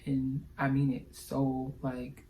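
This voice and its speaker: Animated, slangy young man vlogging. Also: medium pitch, takes it slowly, slight background noise, low-quality recording. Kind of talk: casual chat to camera.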